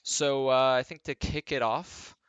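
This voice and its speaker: A man's voice: medium pitch, steady tone, a little slow, a bit bright, clear, resonant tone, no echo, dull audio. A tired young man, a former esports pro, talking in a casual vlog monologue from his home workspace, rambling with lots of fillers and dry sarcasm.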